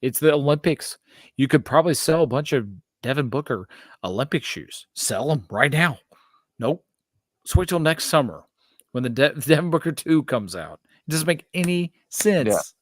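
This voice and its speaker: A man co-hosting a casual sneaker podcast, talking in an animated, exasperated rant. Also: on the high side, moderate pace, no room sound. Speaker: podcast co-host.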